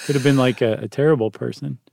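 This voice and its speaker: A man's voice: mid-range voice, fairly even intonation, quick pace, vocal fry, a little mellow. A man co-hosting a podcast, chatting casually in a joking, rambling way. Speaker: podcast co-host. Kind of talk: casual chat.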